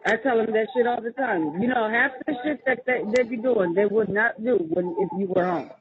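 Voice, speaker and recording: A woman talking to her husband on a call from jail, with flat, low-key replies. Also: brisk, crowd noise. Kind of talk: casual phone chat. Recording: tinny phone line with voices behind.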